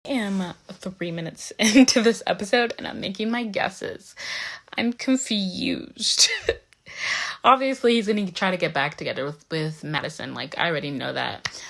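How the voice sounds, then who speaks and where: A woman's voice: on the low side, normal speed, gravelly, fairly bright tone. A young woman chatting casually into her phone, reacting to a TV finale, giggly and exasperated, full of likes and y'alls. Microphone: phone held at arm's length.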